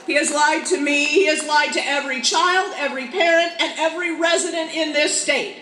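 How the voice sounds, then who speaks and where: A woman's voice: sits high, a little fast, noisy background. A woman from Wisconsin, a union leader giving an impassioned rally speech outdoors and leading chants. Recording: echoey outdoor PA with loud crowd.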